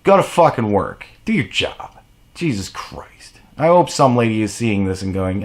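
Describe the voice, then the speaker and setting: A man's voice: on the low side, wildly swooping pitch, normal speed. A man delivering a blunt, profane, exasperated rant to camera as a vlogger. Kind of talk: ranting monologue to camera.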